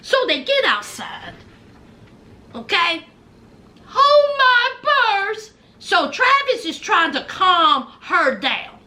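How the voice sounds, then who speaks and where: A woman with a very high, bright voice recaps reality TV in a sassy commentary. She swings her pitch widely and takes her time, scolding the people on the show directly and mimicking their lines. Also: huge pitch swings, takes it slowly. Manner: blunt, mocking, talks straight at the people she discusses; acts out quoted lines in put-on voices.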